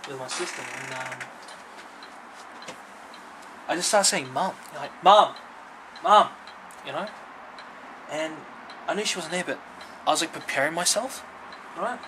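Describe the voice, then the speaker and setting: A man's voice: a little high, a little slow, pauses often, pushed and bright, slight background noise, poor audio. A man telling a personal testimony to camera, earnest and conversational, full of fillers and asking "right?" after his points. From Filipino family background. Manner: earnest, conversational, many fillers and tag questions. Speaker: vlogger.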